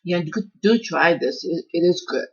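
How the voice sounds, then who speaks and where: A woman's voice: on the low side, moderate pace, creaky, husky, dull audio. A woman hosting her own home cooking channel, chatting in a rambling, self-deprecating way as she walks through a recipe. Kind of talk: casual cooking vlog chat.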